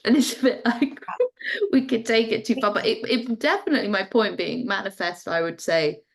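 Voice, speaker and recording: A woman's voice: medium pitch, expressive, fairly quick. Give me an English-accented woman explaining her view on a podcast, thoughtful and chatty. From England. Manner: thoughtful, explains with acted-out examples. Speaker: podcast guest or co-host. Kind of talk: casual conversational podcast talk.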